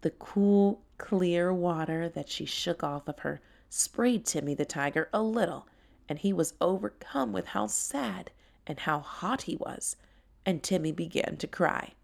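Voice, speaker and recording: A woman narrating a children's story in a gentle, unhurried way. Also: fairly low pitch, gravelly.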